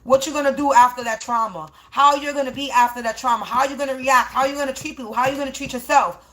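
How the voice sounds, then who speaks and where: A woman's voice: high voice, fairly even intonation, fast, sharp tone. Profane ranting woman on a live stream. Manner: profane, confrontational, rambling. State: dry mouth while smoking. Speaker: spiritual reader streaming live.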